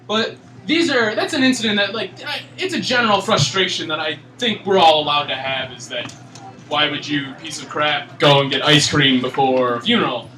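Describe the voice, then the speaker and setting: Young guy from michigan ranting thru a standup set, bright high voice, echoey room, mic kinda far off. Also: moderate pace, slight background noise. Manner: ranting, exasperated, animated. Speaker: stand-up comedian.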